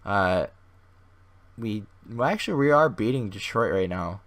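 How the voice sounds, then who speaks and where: A man with a hoarse, fading voice giving casual, rambling commentary over a video game as host of his gaming channel. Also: on the low side, lively intonation, unhurried, a bit bright. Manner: rambling, thinks aloud with many restarts.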